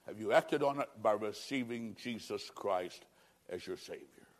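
An older man preaching a sermon and telling his story, urgent and pleading, swinging from loud outbursts to hushed tones. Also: fairly low pitch, lively intonation, measured pace. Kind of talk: sermon testimony. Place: church service.

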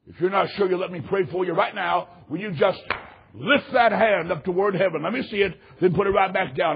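A man preaching a sermon and leading an altar call, swinging from hushed, quiet passages to shouted, impassioned climaxes. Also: high-pitched, fairly quick, breathy edge. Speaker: pastor. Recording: dull lo-fi recording.

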